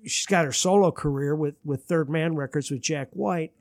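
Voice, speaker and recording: A man's voice: fairly high pitch, moderate pace, dry recording. Chatty man telling rambling stories. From Detroit area. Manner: rambling anecdotes, acts out quotes, laughs at himself. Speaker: guest musician. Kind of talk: casual storytelling chat.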